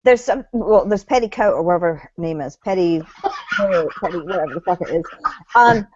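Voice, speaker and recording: A woman's voice: fairly low pitch, animated, moderate pace, muffled recording, noisy background. A woman co-hosting a casual chat about reality TV, blunt and opinionated, swearing freely. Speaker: co-host.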